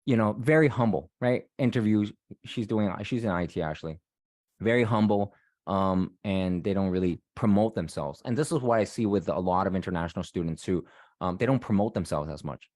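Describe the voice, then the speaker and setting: A man's voice: sits low, brisk, darkish tone, no echo, clean studio sound. A man giving a casual, repetitive career-coaching talk, often asking "right?" to his listeners. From Canada. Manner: chatty, repeats himself, frequent "right?". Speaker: career coach and guest speaker.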